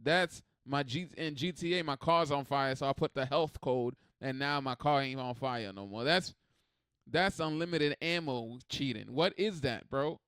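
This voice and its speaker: A man hosting a reaction video, talking in a rambling, animated, swearing way. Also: mid-range voice, normal speed, clean tone, dry recording, studio quality. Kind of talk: casual reaction commentary.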